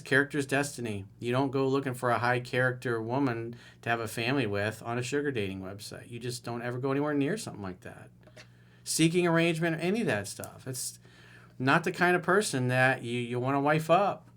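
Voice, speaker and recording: A man's voice: medium pitch, fairly bright tone. Blunt sarcastic middle-aged man. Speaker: relationship coach. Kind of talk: solo video commentary reading a viewer email.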